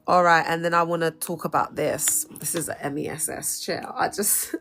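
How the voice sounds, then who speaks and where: A woman's voice: low voice, fairly even intonation, moderate pace, fairly bright tone. Slangy London woman in her thirties. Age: 30s. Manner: chatty, slangy, laughs often. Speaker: livestreamer. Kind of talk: casual live-stream commentary.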